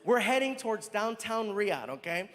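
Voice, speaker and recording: Animated male comic in a big hall. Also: sits high, normal speed. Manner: animated storyteller, acting out voices. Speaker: stand-up comedian. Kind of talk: stand-up comedy set. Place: large theater on stage. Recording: long hall reverb, audience noise.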